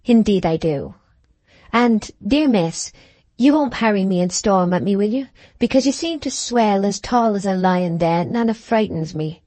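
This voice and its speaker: A woman's voice: medium pitch, expressive, moderate pace, mellow, dry recording, lightly acted. A woman voicing a small, tearful young maid in an audiobook, speaking emphatically in old rustic phrasing. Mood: earnest. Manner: emphatic, dramatic rustic speech.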